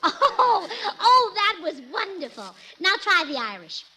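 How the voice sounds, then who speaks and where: A woman's voice: very high-pitched, sing-song, a little slow. A woman doing 1940s radio comedy, giggly and scatterbrained, on an old broadcast with faint hiss.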